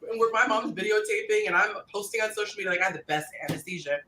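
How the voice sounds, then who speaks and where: A woman's voice: medium pitch, rapid-fire, sharp tone, reverberant, distant mic, slight background noise, rough recording. A middle-aged woman hosting a casual panel chat, laughing often and acting out her own reactions. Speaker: host.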